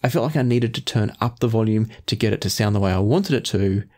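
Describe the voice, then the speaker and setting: A man reviewing earphones in measured talk, often qualifying his claims. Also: on the low side, a little mellow. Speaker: audio gear reviewer.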